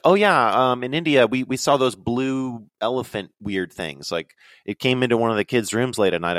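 Rambling, animated man on a dry mic. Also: fairly low pitch, dry recording. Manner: rambling, animated, slips into quoted voices. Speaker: podcast guest. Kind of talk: casual storytelling.

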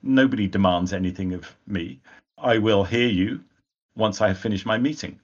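A man voicing a stern old male wizard who speaks very quietly and slowly. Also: fairly low pitch, animated, highs cut off. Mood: stern calm. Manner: very quiet and slow.

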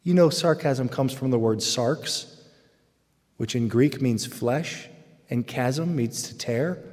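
A man gives a lively, joking faith talk to a crowd, his voice jumping into loud excited bursts. His words ring out with a long reverb in a large hall. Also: mid-range voice, slow. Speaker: Catholic speaker. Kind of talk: humorous faith talk to a live audience.

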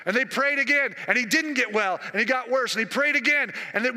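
Bright high-voiced male preacher, echoing hall. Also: fairly quick, few pauses. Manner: emphatic and repetitive, with rhetorical questions to the congregation. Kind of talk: sermon.

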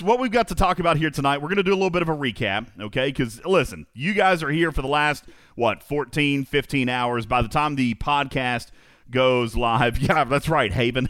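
Energetic male podcast host, lively and emphatic. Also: medium pitch, no room sound, clean studio sound. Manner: energetic, emphatic, repeats phrases for effect. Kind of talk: live gaming podcast hosting.

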